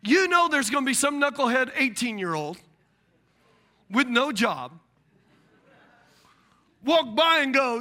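Male preacher, very high voice, bright and forceful, animated sermon with acted-out voices. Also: normal speed, pauses often. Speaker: pastor.

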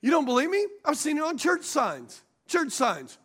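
A pastor with a very high-pitched voice delivers a sermon at normal speed, barely pausing. His preaching is animated: he calls out questions to the congregation in call-and-response fashion and laughs at his own stories.

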